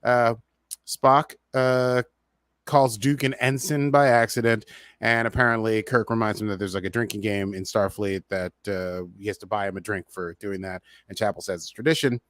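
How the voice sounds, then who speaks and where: A man's voice: fairly low pitch, fairly even intonation, normal speed, fairly bright tone, no room sound. A man hosting a podcast, casually recapping a TV episode in a rambling, chatty way with many fillers. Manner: rambling, chatty, full of "uh" and "so he's like". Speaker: podcast host.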